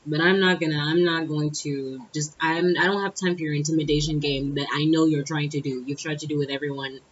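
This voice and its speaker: A young woman vlogger tells a personal story to camera in a casual storytime monologue, sounding blunt, exasperated and profane. Her voice sits low and steady and moves a little fast. The recording has its highs cut off and carries a little hiss or hum.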